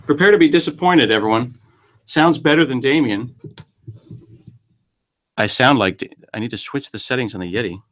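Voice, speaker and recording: A man's voice: mid-range voice, moderate pace, long pauses, a bit bright. A man hosts a casual live-stream chat in a middle-range voice. He jokes and rambles, making fun of himself as he goes. He often trails off into asides. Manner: jokey, rambling, self-deprecating. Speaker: host.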